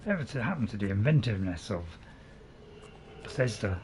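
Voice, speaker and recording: This gameplay commentator has a lowish, somewhat dark voice with lively intonation and a brisk delivery, and there's a slight hiss or hum on the recording. Playing through a game, he keeps up casual, chatty banter, mocking himself and attempting silly voices.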